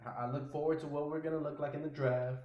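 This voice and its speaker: A man hosting a casual sports podcast, ranting in an exasperated, animated way. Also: fairly high pitch, fast talker, roomy sound, highs cut off. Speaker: podcast host.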